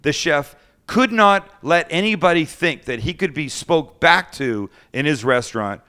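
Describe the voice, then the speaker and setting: A man in the middle of a casual chat, spinning a story with plenty of swearing. His pitch rises and falls a lot as he acts out each person he quotes. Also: lively intonation, measured pace, bright, forceful tone, clean tone. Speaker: host.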